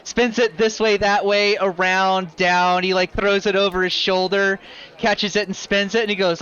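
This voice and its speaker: A man narrating a live tabletop game as dungeon master, animated and loose with his fillers. His voice is fairly high, bright and crisp, and the stream audio sounds a little dull. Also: moderate pace.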